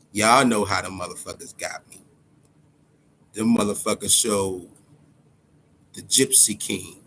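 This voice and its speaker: A man's voice: mid-range voice, a bit bright. A man hosting a casual boxing livestream, talking loosely and profanely and greeting viewers in the chat by name. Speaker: boxing podcast host.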